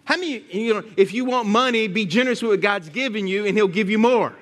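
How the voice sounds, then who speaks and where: Male preacher, high voice, sermon, calling out to the congregation, church. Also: quick pace, fairly bright tone. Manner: calls out to the congregation.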